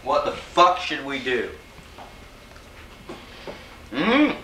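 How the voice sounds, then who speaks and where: A man ranting for laughs with foul-mouthed outbursts, his bright, lively voice jumping up into yells. It sounds like an old home video camera in an echoey room, with a faint hiss underneath. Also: medium pitch, extremely slow. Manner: profane, angry outbursts, sudden yelling. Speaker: comedic ranter. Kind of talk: improvised comic rant on home video. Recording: roomy home camcorder sound.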